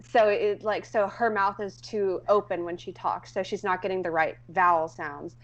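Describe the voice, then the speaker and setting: A woman's voice: mid-range voice, fairly even intonation, moderate pace, highs cut off. A woman co-hosting a podcast in casual chat, rambling through explanations with many fillers. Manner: rambling, filler-heavy storytelling.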